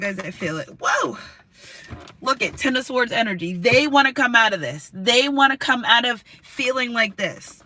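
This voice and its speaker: Give me a woman doing a tarot reading in an emotional, casual way, repeating herself and swearing freely, with a very bright, cutting voice. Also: fairly high pitch, poor audio. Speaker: tarot reader. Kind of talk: tarot card reading to camera.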